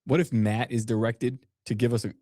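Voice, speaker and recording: A man's voice: mid-range voice, level tone, warm tone, no room sound. Joking podcast co-host man, dry. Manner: joking, speculative, quick to laugh. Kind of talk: casual chat.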